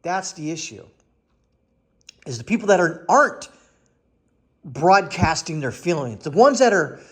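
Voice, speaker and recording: A sarcastic political commentator in his forties offers casual commentary, often mimicking people in whiny put-on voices. His high voice is a bit bright and sing-song, swinging widely in pitch from phrase to phrase at a moderate pace.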